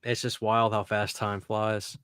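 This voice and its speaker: A man hosting a podcast, telling stories in a rambling, excitable, casual way. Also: on the low side, unhurried, clean tone, no room sound, clean studio sound. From Louisiana, US. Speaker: podcast host. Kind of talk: casual chat.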